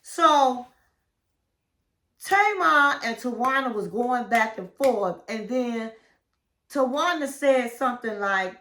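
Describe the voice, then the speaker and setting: High bright-voiced woman gossiping a recap. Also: lively intonation, slow pace, long pauses. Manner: chatty, gossipy storytelling that acts out quoted lines. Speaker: reality TV recap host. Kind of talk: casual episode recap.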